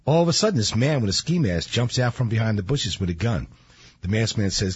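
A man's voice: mid-range voice, a little fast, breathy edge, dry recording, lo-fi sound. A man hosting a casual radio show, chatty and jokey, telling stories. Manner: jokey, animated storyteller.

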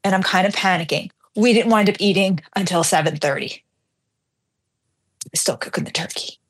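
A middle-aged woman hosting a radio show, telling a story in a casual, animated, self-deprecating way and acting out the dialogue. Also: on the low side, normal speed, slightly rough.

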